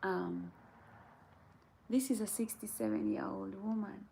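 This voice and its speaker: Gravelly woman giving earnest pep talks. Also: medium pitch, steady tone, unhurried, dark tone. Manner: earnest, repeats "right?" and "okay?" to check in with viewers. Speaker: channel host. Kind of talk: casual motivational chat while reading viewer comments.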